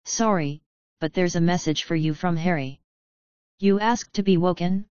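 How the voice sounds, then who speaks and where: A woman voicing a kind, attentive young woman in an audiobook, speaking gently with concern. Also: on the low side, normal speed, smooth, no room sound, dull audio, natural voice.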